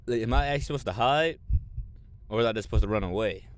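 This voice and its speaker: A man commentating a horror game, swinging between mumbled slangy banter and loud frightened shouts. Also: lowish voice, quick pace, slight background noise. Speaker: gamer playing a horror game. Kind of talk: let's play commentary.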